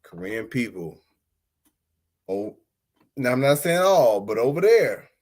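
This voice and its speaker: With a slightly rough voice, a podcast host from the United States tells a story in a casual solo monologue. He leans on slang, flipping between loud outbursts and low mutters.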